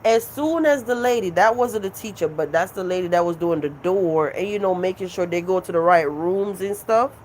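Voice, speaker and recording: A woman's voice: fairly low pitch, normal speed, few pauses, darkish tone, a little hiss or hum. A woman hosting her own live stream, venting at her critics in a casual, profane, emphatic way and repeating her points.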